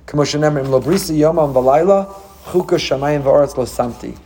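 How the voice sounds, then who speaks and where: A man giving a sermon as a rabbi, animated and full of rhetorical questions, with Hebrew terms mixed in. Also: on the high side, fairly quick, a little hiss or hum.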